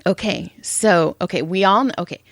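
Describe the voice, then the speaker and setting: A middle-aged woman co-hosts a podcast, telling stories in casual chat and animatedly acting out what people said. Her lowish voice has vocal fry and a normal pace, captured in a dry, studio-quality recording.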